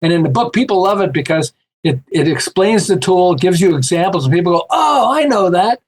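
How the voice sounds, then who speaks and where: A man guesting on a podcast, telling stories in a casual, animated way and acting out the voices of the people he quotes. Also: high voice, brisk. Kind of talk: casual storytelling chat.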